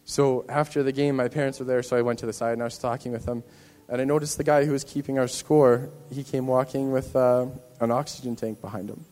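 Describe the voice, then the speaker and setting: A man's voice: mid-range voice, steady tone, brisk, mellow, in a large hall. A man in a church giving an earnest, rambling personal testimony to the congregation, often restarting his sentences. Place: church hall.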